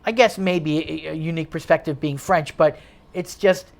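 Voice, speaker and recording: A man's voice: fairly high pitch, fairly even intonation, moderate pace, vocal fry. A man who works as a stand-up comedian, ranting bluntly and swearing freely as the guest in a casual chat.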